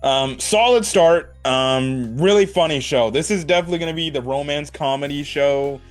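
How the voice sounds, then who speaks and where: A man giving a casual video review, animated and laughing often, swearing and tossing in "right?" after his points. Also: on the high side, moderate pace, faint music behind. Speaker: anime reviewer.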